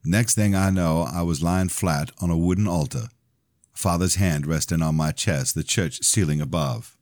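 A man reading his own novel aloud as a podcast host, in steady, even first-person narration. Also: low-pitched, moderate pace, no room sound, clean studio sound.

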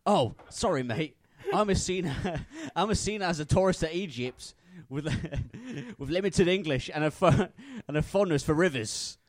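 A Cockney swan with gruff, bantering geezer talk, as a man puts him on. He is a washed-up former movie star who loves to reminisce, in a comedic table read. The voice sits a little high and close to the mic, with no room around it. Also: expressive, unhurried, hardly any pauses, no echo. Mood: reminiscing.

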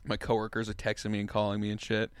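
A man in casual chat, telling an animated story, swearing freely and laughing often. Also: lowish voice, fast, clear, resonant tone, dry recording, clean studio sound.

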